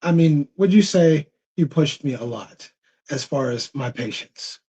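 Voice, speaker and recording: A blunt, husky-voiced man chats on a live Q&A stream and repeats himself to drive a point home. His breathy voice comes through dull, lo-fi stream audio. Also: fairly high pitch, expressive, unhurried, warm tone. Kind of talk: casual live-stream chat.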